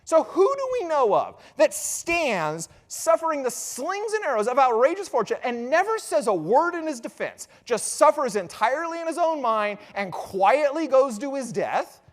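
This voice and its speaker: A man giving a lively conference lecture, telling the story with dramatic emphasis and casual asides to the audience. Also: very high-pitched, moderate pace, hardly any pauses. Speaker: conference speaker on classical education.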